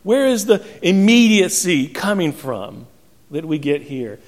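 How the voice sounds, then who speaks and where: A man's voice: high voice, sing-song, unhurried. A man preaching a sermon in a church, telling stories with humorous asides. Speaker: pastor. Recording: long reverb in a large hall.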